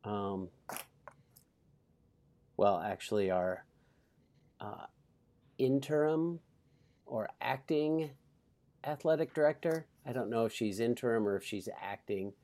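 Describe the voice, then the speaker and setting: A man's voice: medium pitch, expressive, slow pace, long pauses, warm tone. A man hosting a podcast, chatty and enthusiastic, reading an ad and then chatting with a guest. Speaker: podcast host. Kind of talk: casual interview chat with ad read.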